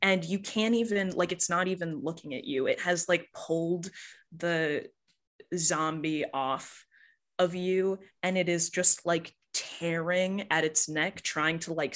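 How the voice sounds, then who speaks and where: Woman game master, slow pace, lower voice, many fillers, faint noise. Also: a bit bright. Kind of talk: narrating a tabletop horror game.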